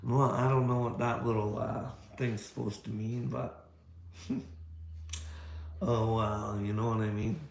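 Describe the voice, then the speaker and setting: In a low-leaning, gravelly voice with flat delivery and a measured pace, a video creator confronts a critic, pausing often. He swears heavily, throws rhetorical questions, and keeps saying "bud" and "you know what I mean," in an echoey room with a little hiss or hum.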